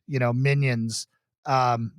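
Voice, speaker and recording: A man's voice: medium pitch, slow, no room sound, studio quality. A man from the Boston area, a pastor co-hosting a casual chat, joking and laughing often. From Boston area, USA. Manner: jokey, animated, laughs often. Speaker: pastor and show host.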